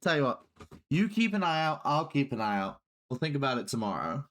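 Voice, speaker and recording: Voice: medium pitch, big pitch swings, a little fast, a bit bright. A tabletop game player chatting casually and playfully, cracking jokes. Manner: playful, joking.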